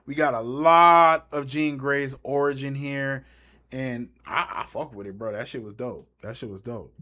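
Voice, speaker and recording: A man's voice: medium pitch, steady tone, a little slow, pushed and bright. A man giving a casual, rambling movie recap as a YouTuber, slangy and trailing off mid-thought.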